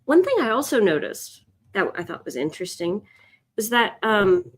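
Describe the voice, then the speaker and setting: A woman's voice: mid-range voice, big pitch swings, normal speed. A woman hosting a live drawing stream, chatting casually and answering viewers' comments. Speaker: art livestream host. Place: home, in Chicago.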